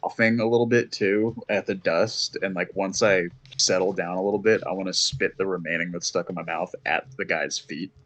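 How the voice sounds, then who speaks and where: A man's voice: deep voice, fairly even intonation, moderate pace, few pauses, fairly bright tone. A man playing in a tabletop game who casually describes his character's moves. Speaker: player.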